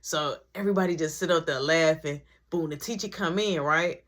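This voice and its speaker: A young adult woman telling a story in a storytime vlog, slangy and animated, acting out every part. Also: deep voice, moderate pace.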